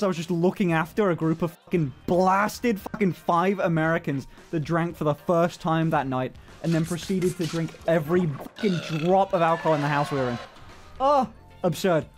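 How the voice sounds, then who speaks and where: A man's voice: fairly high pitch, moderate pace, soft background music. A man streaming live, chatting casually and rambling with heavy swearing. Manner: swears constantly, rambling and animated. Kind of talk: casual livestream chat.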